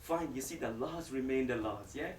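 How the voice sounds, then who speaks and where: Here a man, an Islamic preacher, jokes with and directly engages a live audience during a spirited lecture in a hall. His voice is mid-range and somewhat dark, at normal speed. Slight background noise and echo come through the distant microphone.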